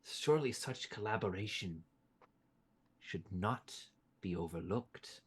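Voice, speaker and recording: Brief: man playing a showy, pushy potion seller, swinging lively delivery. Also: fairly low pitch, takes it slowly, breathy edge, voice pushed down, exaggerated voice. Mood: grandiose. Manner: grandiose salesman patter, then blunt. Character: pushy male potion merchant.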